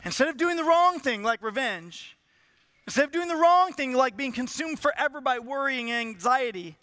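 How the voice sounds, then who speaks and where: High, bright-voiced preaching pastor. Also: male voice, expressive, moderate pace, no echo. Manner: preaching with rising intensity and rhetorical questions. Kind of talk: sermon.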